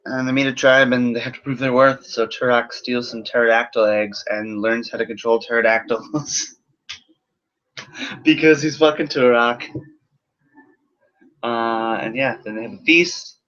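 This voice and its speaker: A man's voice: mid-range voice, fairly even intonation, measured pace, pauses often, a bit bright. Sarcastic man rambling through a review. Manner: sarcastic, rambling, swears freely. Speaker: movie reviewer. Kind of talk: casual spoken film review. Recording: dull lo-fi recording.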